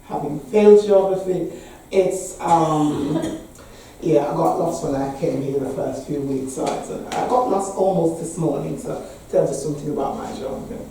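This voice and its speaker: A woman's voice: deep voice, moderate pace, dark tone, a little hiss or hum. A woman in her sixties with an English accent, a parish priest giving a candid, wry talk with frequent laughter. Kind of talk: speech to a meeting. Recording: echoey hall from far off.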